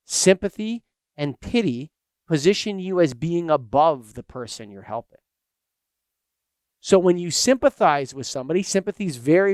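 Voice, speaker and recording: Male podcast co-host, animated storyteller, high-ish smooth voice, dry close mic. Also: no echo. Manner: animated storyteller, acts out anecdotes. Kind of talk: casual chat.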